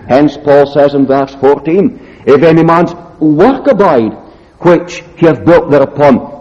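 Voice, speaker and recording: Solemn preacher in an echoey hall. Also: male voice, on the high side, warm tone. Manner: solemn, deliberate, slows on scripture quotes. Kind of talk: expository sermon. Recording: echoey hall, dull lo-fi sound.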